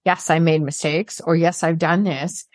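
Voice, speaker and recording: A woman's voice: low-pitched, steady tone, normal speed, no echo, studio quality. A woman hosting a podcast, reflecting on and affirming her guest's story in a conversational way. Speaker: podcast host. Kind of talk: conversational interview.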